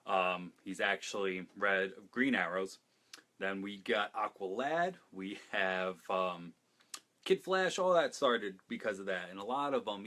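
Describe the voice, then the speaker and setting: A fairly low-pitched man talks casually and eagerly to his viewers as a show host. He rambles, jokes, and starts sentences over again as he goes. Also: pushed and bright. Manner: enthusiastic, rambling and jokey, with many asides and restarts. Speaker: host of a comics talk show. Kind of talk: casual solo fan talk to camera.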